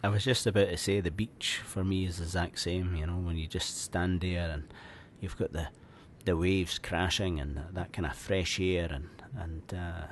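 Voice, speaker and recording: A man's voice: low voice, steady tone, normal speed, slight background noise. A man, from Scotland, chatting casually as a podcast guest, swearing freely and telling historical asides. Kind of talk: casual chat.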